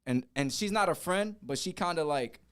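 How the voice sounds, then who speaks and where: Man, podcast co-host, casual, blunt, slightly higher voice. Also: lively intonation, moderate pace, a bit bright, clear, resonant tone. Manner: laid-back, blunt storytelling. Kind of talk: casual chat.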